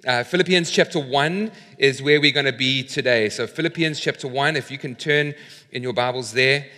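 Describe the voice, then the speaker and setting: Bright-voiced male pastor in an echoing hall. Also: mid-range voice, normal speed. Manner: conversational, lightly humorous preaching. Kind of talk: sermon.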